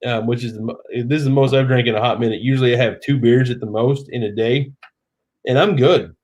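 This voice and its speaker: A man's voice: mid-range voice, a little fast, darkish tone. A man in his thirties, tipsy, hosting a live stream in chatty, rambling casual talk. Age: 30s.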